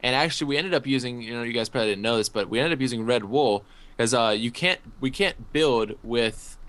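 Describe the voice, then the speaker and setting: A man's voice: medium pitch, fairly quick, fairly bright tone. A young man hosting a casual behind-the-scenes chat, rambling and friendly as he thanks his viewers. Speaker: series host.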